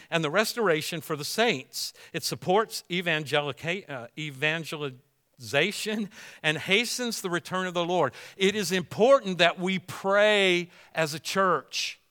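Man, pastor, sermon, conversational then emphatic, bright tense tone, slightly high voice. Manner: conversational preaching, swells to emphatic exhortation.

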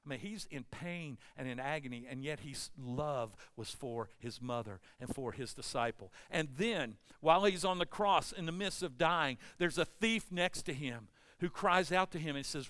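A man preaching a sermon with passion, his delivery swinging between hushed, intense passages and loud, emphatic ones. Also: a little high, expressive, moderate pace, clear, resonant tone.

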